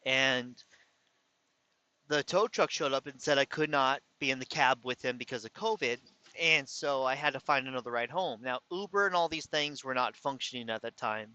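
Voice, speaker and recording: Bright-voiced man with a slight lisp. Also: mid-range voice, normal speed, clear, resonant tone, no room sound. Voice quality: slight lisp and slurred words. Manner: rambling, self-correcting. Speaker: vlogger. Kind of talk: casual venting story. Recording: dull lo-fi sound.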